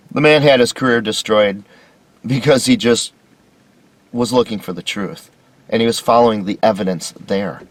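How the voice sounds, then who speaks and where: A man's voice: on the low side, no room sound. A man hosting a solo commentary lecture, talking with sarcastic, mocking emphasis. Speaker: video series host.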